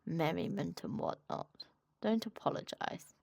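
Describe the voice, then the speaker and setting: A woman voicing a gloomy, bitter old male donkey in a storybook read-aloud, with a slow, flat, mournful drawl. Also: lowish voice, vocal fry, no echo, studio quality, pitched below the performer's own voice, heavily acted.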